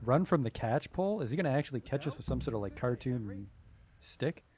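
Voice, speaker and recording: A man's voice: medium pitch, expressive, fairly quick, darkish tone. Joking, profane young man streaming a game. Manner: joking, profane, reads tutorial text aloud. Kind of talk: casual gameplay commentary.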